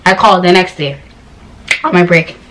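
A woman's voice: on the low side, expressive, a little slow, fairly bright tone, slight background noise, rough recording. A young woman vlogger telling a story in a casual, slangy, rambling rant, exasperated and fed up.

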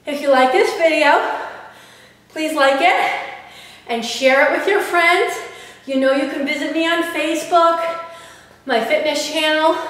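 Woman fitness coach, high voice, unhurried, recorded from afar in a reverberant hall. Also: a bit bright. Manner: counting reps and cheering on. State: out of breath. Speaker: fitness instructor. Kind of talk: workout instruction. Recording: echoey room, far from mic.

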